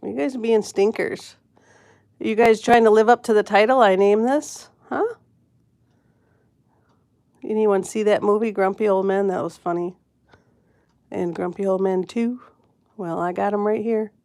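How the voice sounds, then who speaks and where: A woman's voice: medium pitch, fairly even intonation, unhurried, gravelly, pauses often, darkish tone, dry recording. Chatty woman streaming from home, dry sound. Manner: chatty, rambling storyteller who laughs often. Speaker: host of a pet channel live stream. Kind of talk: casual live-stream chat, telling a story and greeting viewers. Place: at home with her pets.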